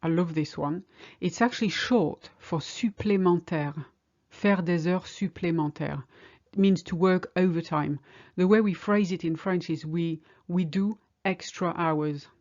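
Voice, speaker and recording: A woman with a fairly low voice teaches a French lesson, explaining in English and slowing right down to say each French phrase clearly. The sound is a little dull and lo-fi. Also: a little mellow. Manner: clear, deliberate, slows down to model French phrases. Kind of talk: language lesson.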